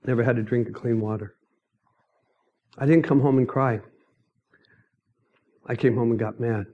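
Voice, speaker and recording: A middle-aged man telling his mission testimony as a sermon, emphatic and storytelling, breaking into sudden loud outbursts. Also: mid-range voice, steady tone, moderate pace, phone-quality sound.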